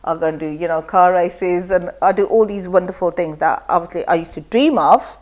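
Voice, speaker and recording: Animated woman telling a story. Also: fairly low pitch, brisk. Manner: animated storytelling, acts out quotes. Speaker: talk show guest. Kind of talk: casual chat.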